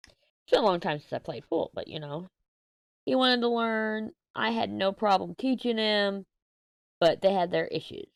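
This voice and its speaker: This woman in her 30s speaks at medium pitch and normal speed, expressively, with no room sound. As a crafting channel host, she chats casually over her diamond painting, meandering through a story and correcting herself mid-way.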